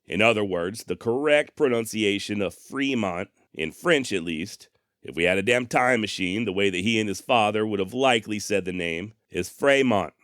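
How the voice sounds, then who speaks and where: A man with a low, smooth, resonant voice tells history as a podcast host. His delivery is wry and folksy, and he is quick to poke fun at himself. The recording is dry and close. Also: a bit bright, no echo. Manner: wry, sarcastic, self-mocking; folksy turns of phrase. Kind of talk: podcast storytelling narration.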